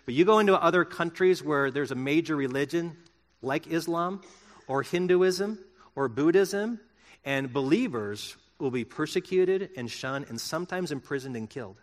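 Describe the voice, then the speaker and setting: A man's voice: fairly high pitch, moderate pace, in a large hall. A middle-aged male pastor preaching a sermon in an earnest, conversational way, asking his listeners rhetorical questions.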